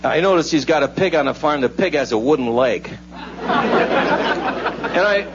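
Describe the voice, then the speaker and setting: A man's voice: fairly high pitch, expressive, moderate pace, a loud crowd. A male comedian telling jokes live at a hotel in a loose, rambling way, with lots of fillers. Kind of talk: stand-up storytelling. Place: hotel showroom, in front of a live audience. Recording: muffled live radio with faint hum.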